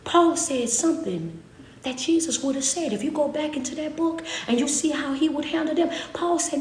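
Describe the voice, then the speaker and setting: Brief: woman preacher, high bright voice, fervent repeating cadence, roomy echo with light hum. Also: moderate pace. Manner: impassioned call-and-response preaching, repeating phrases. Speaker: motivational speaker and preacher. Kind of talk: sermon.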